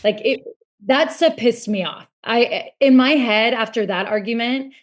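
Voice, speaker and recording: A woman's voice: on the high side, unhurried. A woman guest on a podcast in casual chat, telling her side of events in a chatty way and filling her talk with "like". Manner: chatty, filler-heavy storytelling.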